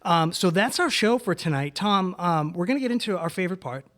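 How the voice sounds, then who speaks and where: A man's voice: high-pitched, animated, fairly quick, a bit bright. A man co-hosting a podcast in casual chat, rambling and restarting often. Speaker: podcast co-host.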